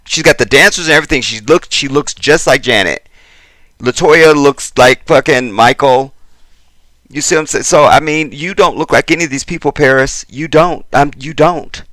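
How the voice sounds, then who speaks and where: A man giving a casual commentary to his viewers, exasperated and chatty, jumping between loud emphasis and muttered asides. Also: on the high side, moderate pace, no echo. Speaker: YouTube commentator.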